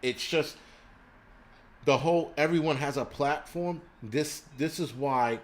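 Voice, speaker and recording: A man's voice: on the high side, a little slow. Foul-mouthed man ranting on a livestream. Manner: crude, rambling, reacts to live chat. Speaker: livestream host. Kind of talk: profane ranting livestream chat.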